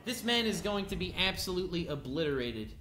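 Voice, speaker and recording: A man's voice: high voice, fairly quick, music in the background. Young man raging over a boss fight. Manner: swings between mock-calm taunts and frustrated outbursts, talks to chat. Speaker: gaming video creator. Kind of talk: live gameplay commentary.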